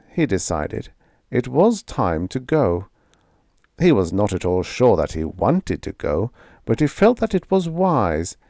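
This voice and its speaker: A man narrating a vintage science fiction short story as a sleep story, calm and measured. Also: low voice, gravelly, dry recording, clean studio sound. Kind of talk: scripted audiobook narration for sleep.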